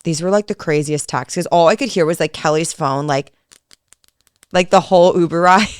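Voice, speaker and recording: A young woman with a somewhat low, smooth voice co-hosts a chatty podcast. She tells the story dramatically, laughing often and swearing freely, recorded dry and close. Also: moderate pace, no echo. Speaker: podcast co-host. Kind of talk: casual storytelling chat.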